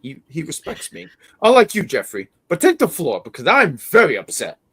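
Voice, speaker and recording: A man co-hosting a wrestling review livestream, ranting and yelling in theatrical mock outrage. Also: a little high, wildly swooping pitch, moderate pace, breathy edge. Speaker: wrestling review show co-host. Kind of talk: livestream chat.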